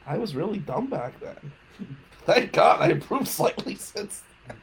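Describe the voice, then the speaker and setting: A man's voice: high voice, sing-song, a little slow, vocal fry, a little hiss or hum. A man, hosting a radio talk show and telling self-mocking stories in a casual comedic monologue. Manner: self-mocking storytelling, laughing at his own jokes. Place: radio studio.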